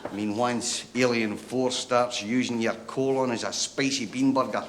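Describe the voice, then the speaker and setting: A man's voice: medium pitch, steady tone, moderate pace, a little hiss or hum, close to an everyday voice. A man playing a tactless, jokey pal. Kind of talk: TV sitcom acting.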